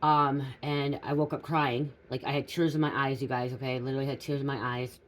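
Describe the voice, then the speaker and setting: A woman's voice: a bass voice, little pitch movement, brisk, low-quality recording. A woman, a psychic reader with school-age daughters, talking casually and rambling through a spiritual reading, often restarting and checking in with "okay?" and "you guys". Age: adult parent of school-age daughters.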